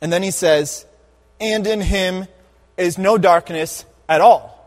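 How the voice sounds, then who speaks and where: A man preaching a sermon, emphatic, slowing down and repeating key phrases for weight. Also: sits high, in a large hall.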